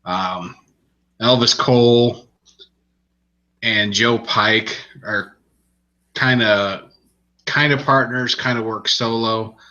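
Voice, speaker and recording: A man's voice: medium pitch, slow, long pauses, lo-fi sound. A man on a podcast, chatting casually as he retells a book's plot in a rambling way, with restarts along the way. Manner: relaxed, rambling storytelling with restarts. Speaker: podcast co-host reviewing books. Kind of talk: casual chat.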